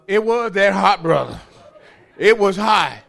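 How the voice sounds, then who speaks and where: Man, church testimony, very high, bright, folksy and excitable. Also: a little slow, creaky. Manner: folksy, excitable, laughs while telling, hollers at the high points. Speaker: church member giving a testimony. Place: church sanctuary.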